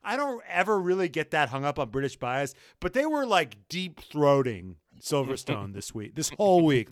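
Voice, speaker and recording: An excitable young American man co-hosting a podcast, talking fast and loose with plenty of swearing. His voice sits high and swings widely in pitch, smooth and clear. The sound is dry and close, with no room in it. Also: dry recording. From United States. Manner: excitable, swears a lot, mock-posh impressions. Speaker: podcast co-host. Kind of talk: casual profane chat.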